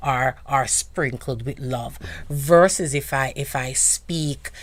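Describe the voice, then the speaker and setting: A Jamaican woman in casual discussion, animated and slipping into patois phrasing as she makes her points. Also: extremely low pitch, slow pace, no room sound. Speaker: guest.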